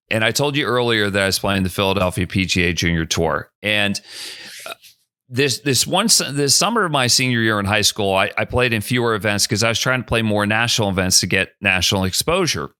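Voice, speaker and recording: A man's voice: medium pitch, clean tone, no room sound, studio quality. A middle-aged man, a podcast guest, telling a story casually and acting out the people in it. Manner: animated, acts out dialogue in the anecdote.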